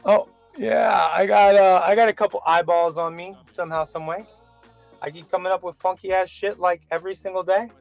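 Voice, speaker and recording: A man's voice: high-pitched, steady tone, fairly quick, gravelly, soft background music. A man vlogging a casual opinion rant, rambling and profane, with frequent self-doubting asides.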